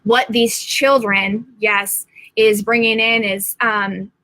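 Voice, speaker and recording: A middle-aged woman talks straight to her viewers in a loose, rambling live stream from home. Her voice is bright and sharp, and it sits dry and close with almost no room sound. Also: on the high side, little pitch movement, slow pace, dry recording. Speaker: psychic medium.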